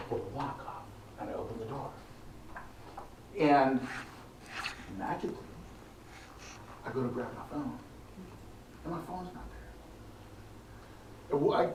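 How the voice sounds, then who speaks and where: A middle-aged man tells a story on a theater tour, his voice pitched a little high and acting out every quote. He sits some distance from the mic, so the sound is roomy and echoey, with a faint hum behind him. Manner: lively, acts out quoted voices. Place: large indoor theater.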